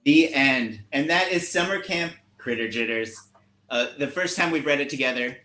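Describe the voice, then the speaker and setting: A man's voice: medium pitch, expressive, normal speed, bright, forceful tone. A man reading a children's book aloud over a video call, enthusiastic and playful, laughing often. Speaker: author reading a picture book. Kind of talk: storytime read-aloud. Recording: roomy echo on a video call.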